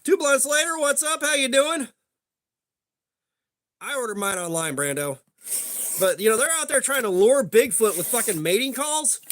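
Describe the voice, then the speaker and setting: A man's voice: very high voice, big pitch swings, moderate pace, pauses often, fairly bright tone. A young man hosting a casual livestream, rambling profanely and greeting viewers in chat by name. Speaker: livestream host.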